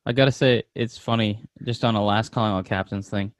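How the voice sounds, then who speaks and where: A man's voice: on the low side, fairly even intonation, brisk, no room sound, clean studio sound. A man co-hosting a podcast, talking with enthusiasm and swearing casually. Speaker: podcast co-host. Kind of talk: casual chat.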